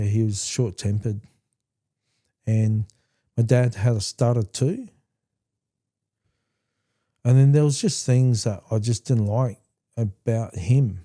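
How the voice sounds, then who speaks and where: A man hosting a podcast, telling a personal story candidly in a halting way with frequent restarts. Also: medium pitch, dark tone. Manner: candid and plainspoken. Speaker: podcast host.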